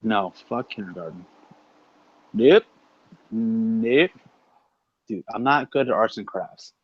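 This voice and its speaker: Brief: excitable co-host man, husky lowish voice, lo-fi mic, casual profane banter. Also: a little fast, no room sound. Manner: excitable, swears a lot, loud outbursts.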